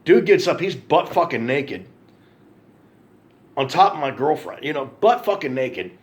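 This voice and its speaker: A man's voice: a little high, very animated, measured pace. A man telling an angry, profane story to camera in a ranting monologue, repeating himself for emphasis. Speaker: vlogger.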